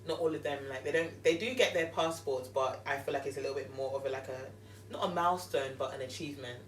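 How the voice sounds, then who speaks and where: A woman's voice: extremely low pitch, quick pace, far from the mic. A young woman with a London accent, a podcast guest chatting casually and telling stories emphatically. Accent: London English. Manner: animated, emphatic storyteller. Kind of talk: casual chat. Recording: roomy, off-mic.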